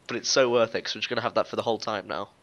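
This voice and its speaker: A man's voice: on the low side, steady tone, very fast, fairly bright tone, no echo, highs cut off. A young man chatting while playing a game, talking through what he is building and easily distracted. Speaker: gamer in group voice chat. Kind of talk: casual gaming banter.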